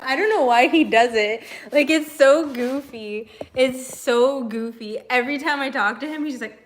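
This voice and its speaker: A woman's voice: high voice, normal speed, hardly any pauses. A young woman streaming from home, chatting loosely with viewers, laughing often and swearing casually. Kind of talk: casual live-stream chat. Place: her home.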